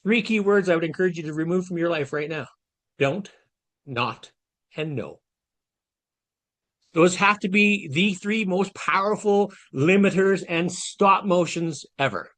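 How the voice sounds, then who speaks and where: Speaking over a video call, a guest speaker in his late fifties gives a motivational masterclass, earnest and conversational as he addresses his audience directly. His voice sits high and a bit bright, at a measured pace.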